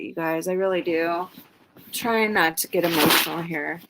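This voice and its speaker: A woman's voice: fairly low pitch, fairly even intonation, a little fast, a bit bright. Woman livestream host, casual and profane, reads viewer comments aloud.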